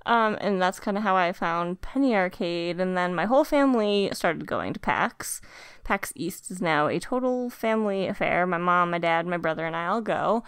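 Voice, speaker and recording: Podcast regular: a woman with a smooth, resonant voice, rambling and giggly in casual chat. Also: lowish voice, moderate pace, fairly bright tone, dry recording, studio quality. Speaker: podcast player introducing herself.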